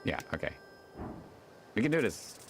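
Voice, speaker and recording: A man's voice: fairly low pitch, big pitch swings, normal speed, vocal fry, soft background music. A young man streaming a video game, commenting casually, muttering and swearing and reading the game's text aloud.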